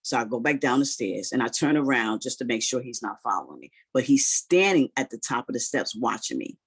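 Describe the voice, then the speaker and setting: Husky-voiced man telling a story. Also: mid-range voice, fairly quick. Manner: animated retelling, heavy use of "you know" and "like". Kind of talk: casual personal storytelling.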